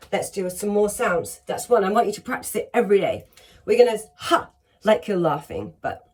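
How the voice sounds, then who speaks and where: A woman's voice: medium pitch, expressive, moderate pace, a little mellow. A woman teaching a singing lesson on breathing, upbeat and encouraging, talking straight to her students and showing each exercise.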